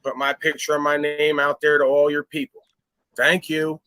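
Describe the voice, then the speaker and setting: A man hosting a livestream, ranting in a profane, boastful way that jumps between loud outbursts and low muttering. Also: monotone, moderate pace, clean tone, no room sound. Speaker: livestream host.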